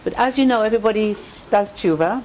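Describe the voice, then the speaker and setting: In front of a live audience in a community hall, an Englishwoman gives a women's group an uplifting talk built on stories and jokes. Her pace is quick, her storytelling lively, and her pitch rises on quotes and punchlines, with a faint hiss or hum present.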